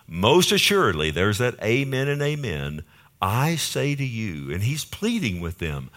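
A man preaching with emphatic, repeated phrases, pressing each point home and seeking the congregation's agreement. His speaking voice sits on the low side. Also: a bit bright. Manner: emphatic, repeats key phrases, calls for amen. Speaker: pastor. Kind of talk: sermon.

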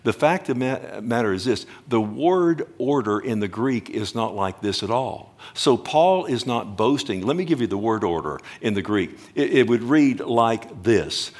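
Guy preaching a sermon, big swings loud to quiet, drags out words for emphasis. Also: medium pitch, lively intonation. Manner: emphatic, swings between loud and hushed, addresses the congregation directly; slows down to stress words. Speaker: pastor.

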